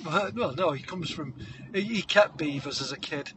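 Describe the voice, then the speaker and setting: A man, co-hosting a podcast and spinning an animated comic story, breaking into shouted character voices and hummed tunes. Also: fairly high pitch, normal speed, noisy background. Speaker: podcast co-host.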